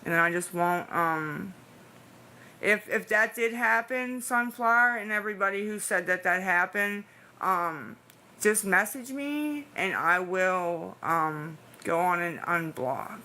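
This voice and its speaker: A woman's voice: on the low side, slow, sharp tone. A tired woman chatting to her live-stream audience, anxious and pleading, rambling with restarts. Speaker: livestreamer talking to chat. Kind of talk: casual live-stream chat.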